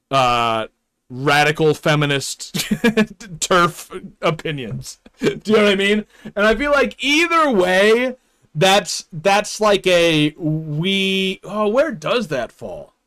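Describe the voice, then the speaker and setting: A man with a high voice that swings widely up and down chats casually on a live stream. He is opinionated and rambling, and he laughs often between points. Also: a bit bright.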